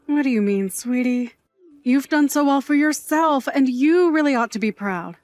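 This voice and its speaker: A woman playing a doting, playful middle-aged aunt who works nights at a bar, quick to mock offense and to tears. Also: sits high, lively intonation, darkish tone, dry recording. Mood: tender. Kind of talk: audio drama acting.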